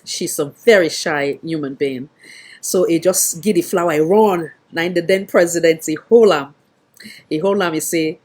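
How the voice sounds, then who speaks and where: Woman, Sierra Leonean Krio accent, husky, low, emphatic casual commentary. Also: unhurried, a little mellow. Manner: talkative, emphatic, repeats for effect. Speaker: online show host.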